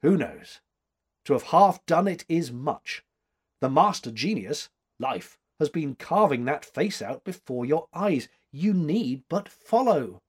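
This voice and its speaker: A man reading aloud and voicing a sharp, commanding elderly woman art critic with a curt manner in a storybook reading. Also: a little high, animated, takes it slowly, breathy edge, heavily acted. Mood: brisk commanding. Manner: curt, commanding, searching questions.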